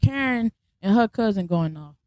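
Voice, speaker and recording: A woman's voice: medium pitch, moderate pace, dry recording. A young adult woman hosting a podcast, telling a story in a blunt, slangy, casual way and acting out the people in it. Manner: blunt, slangy, animated retelling with quoted voices. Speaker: podcast host.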